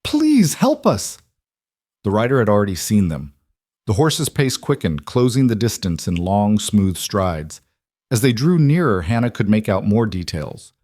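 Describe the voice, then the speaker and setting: A man narrating a western story in a measured, dramatic storytelling manner. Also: on the low side, expressive, a little mellow, dry recording, studio quality. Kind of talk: scripted narration.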